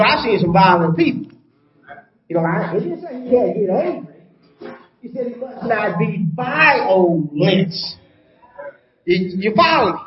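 High-pitched preacher checking in with the room. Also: male voice. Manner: call-and-response, repeats "you follow me?"; folksy Southern preaching, drops into soft calm tone. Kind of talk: sermon. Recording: roomy, dull church recording.

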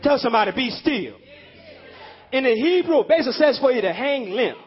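A man preaching a sermon, emphatic and fervent, repeating his points and rising to shouts. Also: very high-pitched, expressive, racing, husky. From Illinois. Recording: dull lo-fi audio.

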